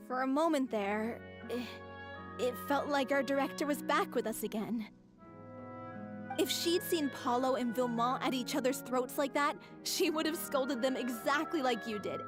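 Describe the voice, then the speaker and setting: A gentle, high-voiced young troupe member. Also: female voice, a little slow. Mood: wistful. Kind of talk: game voice acting. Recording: game music underneath. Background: music.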